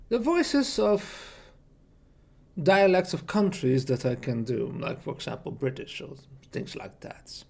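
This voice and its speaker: Slow, high-voiced man, halting. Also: gravelly, darkish tone. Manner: halting, loose phrasing. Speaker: streamer and hobby voice actor. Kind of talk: casual spoken self-introduction.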